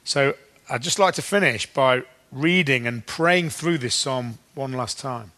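A man giving a sermon in a conversational way, often restarting his sentences and slowing down to read scripture. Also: medium pitch, sharp tone. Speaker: preacher.

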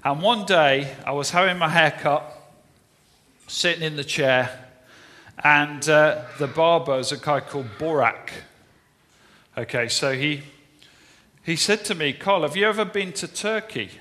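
Bright-voiced preacher in echoing hall. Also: male voice, on the high side, unhurried, long pauses. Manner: anecdotal, conversational, with frequent fillers. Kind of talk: sermon storytelling. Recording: long reverberant hall.

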